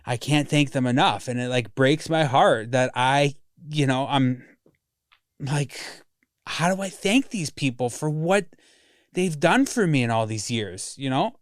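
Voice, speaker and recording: A man's voice: on the high side, big pitch swings, moderate pace, no echo, studio quality. A man speaking candidly and emotionally as a podcast guest, swearing freely as he talks about his past. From Greek heritage family. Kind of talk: candid conversation.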